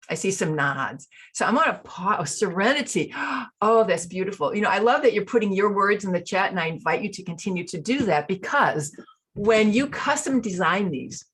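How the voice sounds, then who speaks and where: A middle-aged woman with a slightly husky, lowish voice guides a group through an embodiment exercise. She speaks soothingly and draws out short mantras in a slow, steady rhythm, like a coach on a video call. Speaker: coach leading an online workshop.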